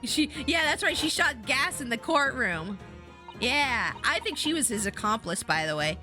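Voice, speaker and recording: A woman streaming a game, chatting in an excitable, self-deprecating way. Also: sits high, moderate pace, over music. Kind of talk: live gameplay stream chat.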